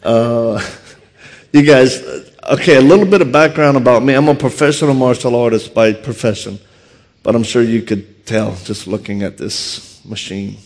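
A man from Louisiana with a Louisiana accent, telling funny self-deprecating stories quickly and with energy to an audience from a stage. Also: medium pitch. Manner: fast, animated, self-deprecating. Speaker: martial arts instructor and speaker. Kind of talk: humorous storytelling talk.

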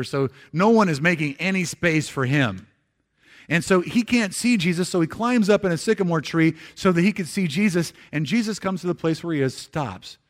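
A man giving a conversational sermon in church, slowing for scripture and dropping soft for emphasis, with frequent restarts. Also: on the high side. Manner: repeats words and restarts phrases. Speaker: pastor.

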